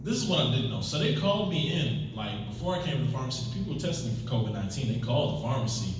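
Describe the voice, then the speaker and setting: A man's voice: medium pitch, very fast, a little hiss or hum. A man performing stand-up, his voice swinging up and down as he acts out other people's lines. The sound is heavily echoey, with the mic set some way off from him. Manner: animated storytelling with acted-out quotes. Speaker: stand-up comic. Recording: very echoey room, mic far off.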